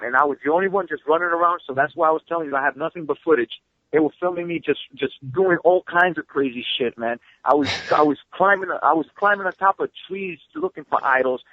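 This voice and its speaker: A man with a fairly high voice races through his stories at high speed, excitable and swearing freely. His voice comes down a tinny phone line with a dry, close sound. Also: no room sound. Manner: fast, excitable storyteller who swears freely. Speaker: guest. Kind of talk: animated storytelling, casual interview. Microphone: phone call.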